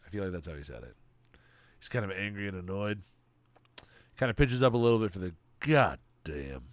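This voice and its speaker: A man's voice: low-pitched, lively intonation, a little fast, dry recording. A man casually chatting with viewers while streaming a game, laid-back and swearing freely. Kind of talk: casual livestream chat.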